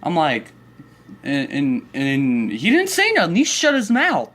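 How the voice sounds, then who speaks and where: A man's voice: a little high, huge pitch swings, unhurried, fairly bright tone. A man telling a story in a comedic angry rant, profane and worked up, rambling along with restarts. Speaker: vlogger.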